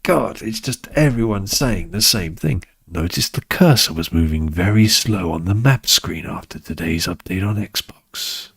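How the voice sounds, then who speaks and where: A deep-voiced British man rambles through a casual gaming stream. He drifts from topic to topic, swears freely and hams up his irritation. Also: lively intonation, unhurried, vocal fry, few pauses, a bit bright, breathy edge. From United Kingdom. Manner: rambling, swears, mock-exasperated. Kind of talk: casual chat while gaming.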